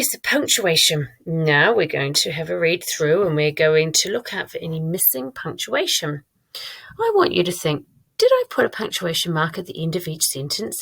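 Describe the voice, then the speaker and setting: Teacher woman, gravelly low voice. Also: a bit bright. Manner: clear, encouraging, modelling aloud. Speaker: primary school teacher. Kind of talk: recorded online lesson.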